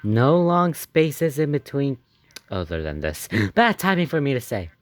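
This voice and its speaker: A man giving casual reaction commentary on his own old animation, excitable and rambling, often laughing and gasping between thoughts. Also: mid-range voice, unhurried, no echo. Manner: excitable and rambling, with many fillers, laughs and gasps.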